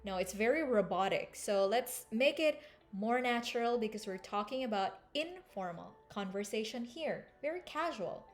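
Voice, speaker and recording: A woman's voice: on the high side, lively intonation, normal speed, soft background music. A woman teaching an English lesson, explaining and repeating phrases to show intonation. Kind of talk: language lesson.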